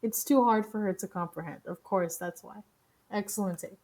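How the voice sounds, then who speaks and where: A woman streaming live and reacting to news clips in a loose, casual way. She talks bluntly and swears freely, laughing easily between remarks. Her voice sits at an ordinary middle pitch. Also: a little mellow. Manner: profane, blunt, quick to laugh.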